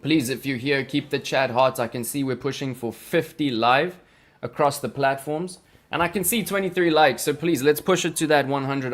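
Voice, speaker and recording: A man's voice: mid-range voice, normal speed. A man hosting a casual live stream, teaching chart reading in a playful, jokey, chatty way with lots of fillers. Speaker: crypto trading livestream host. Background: faint background music.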